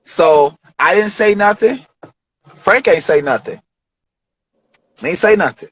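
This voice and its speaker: A man telling a studio story as an interview guest, animated, acting out quotes with big jumps in pitch. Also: measured pace, husky. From Detroit.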